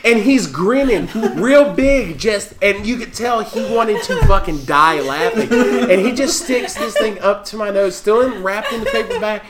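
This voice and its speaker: A man's voice: sits high, animated, a little slow, few pauses, a loud crowd. Man telling a raucous story. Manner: profane, laughing through his own story. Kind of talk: casual storytelling among friends.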